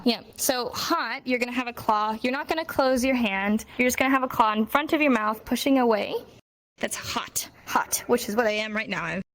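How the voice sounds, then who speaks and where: A woman teaching a sign language class in a relaxed, teasing way, slowing down to model each phrase. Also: a little high, low-quality recording. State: hot and sweaty. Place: warm room, virtual reality class.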